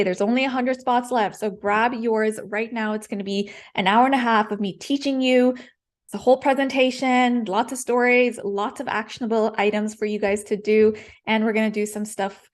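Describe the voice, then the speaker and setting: A woman coaching public speaking in a live-streamed lesson, direct and encouraging, repeating her key points. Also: fairly high pitch.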